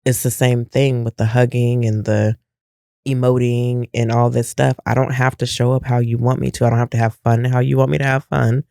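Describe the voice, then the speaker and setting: A man's voice: medium pitch, little pitch movement, moderate pace, creaky, a little mellow, clear, resonant tone, dry recording, clean studio sound. A middle-aged man co-hosting a casual podcast chat, reflective and emphatic, firing off rhetorical questions. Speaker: podcast co-host.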